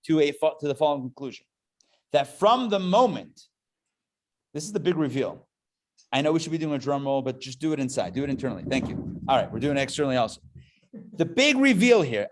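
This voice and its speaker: Rabbi guy teaching a class, fairly high voice, jokey and lively, keeps asking questions. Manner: joking, animated, asks rhetorical questions. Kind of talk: live adult education lecture. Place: classroom with a live audience.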